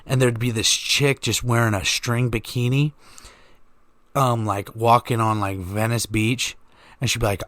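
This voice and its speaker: A man's voice: medium pitch, moderate pace, creaky, sharp tone, dry recording. Rambling profane man. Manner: joking, profane, goes off on tangents. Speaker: podcast host. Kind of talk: rambling comedic monologue.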